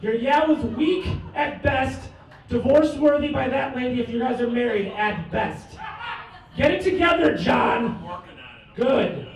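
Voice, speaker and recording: A man's voice: extremely high pitch, steady tone, unhurried, vocal fry, a little mellow. A man doing a stand-up comedy set in a bar, with cocky, mock-boastful bragging. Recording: echoey room from far off.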